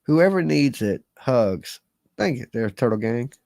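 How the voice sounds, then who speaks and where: A man's voice: medium pitch, very animated, unhurried, gravelly, darkish tone, no echo, studio quality. A man in his forties, a live-stream host, talking casually in a rambling, earnest and folksy way with slang to his viewers.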